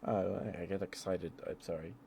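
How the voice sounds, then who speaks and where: Excitable deep-voiced man chatting on stream. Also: vocal fry, a little hiss or hum. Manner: excitable, rambling, with fillers and quick laughs; chatty and friendly to viewers. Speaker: ASMR streamer. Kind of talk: casual live-stream chat.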